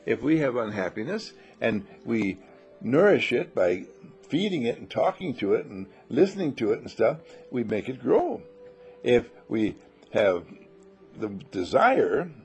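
A man's voice: medium pitch, darkish tone. A man leading a spiritual talk to a small group, playfully telling stories and acting out little voices. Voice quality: husky, gravelly. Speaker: spiritual teacher.

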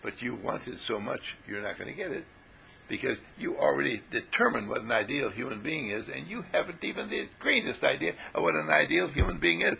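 A man with a strongly gravelly voice gives a spiritual talk to a small group. His tone is forceful and swings widely in pitch as he acts out little scenes. He laughs often along the way. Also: animated, brisk, slight background noise, low-quality recording. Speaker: spiritual teacher.

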